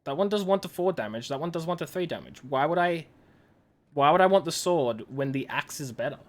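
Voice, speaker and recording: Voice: medium pitch, animated, fairly quick. A game streamer chatting casually while playing, joking and laughing often. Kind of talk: casual gameplay chat.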